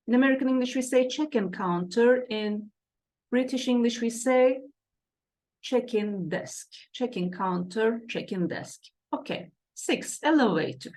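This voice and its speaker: Give me a woman teaching a lesson, speaking slowly and checking in often with "okay". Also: a little high, darkish tone. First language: Turkish. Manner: repeats each word pair slowly, checks in with "okay" and "right". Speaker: English teacher. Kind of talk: slow classroom lesson explanation.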